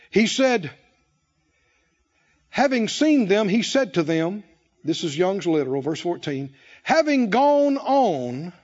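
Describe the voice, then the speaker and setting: A man preaches with a very high voice that leaps around, swinging between loud shouted peaks and soft low asides. He acts out the people in his stories. The recording sounds dull and lo-fi. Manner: dramatic storytelling, acting out voices, shouting peaks. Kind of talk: sermon.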